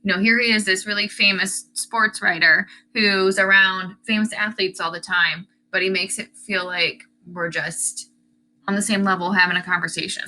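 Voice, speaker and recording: Bright-voiced woman teaching a lesson. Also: mid-range voice, fairly even intonation, moderate pace, poor audio. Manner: explanatory, reads passages aloud then comments. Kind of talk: lesson analyzing an essay's tone.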